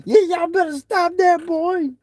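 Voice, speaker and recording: Very high shrill mother figure, scolding, cursing, yelling, voiced by a man, dry phone mic. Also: steady tone, unhurried, dry recording. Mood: teasing scolding. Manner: shrill, cursing, exasperated shouting. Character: scolding middle-aged mother, yelling at her son.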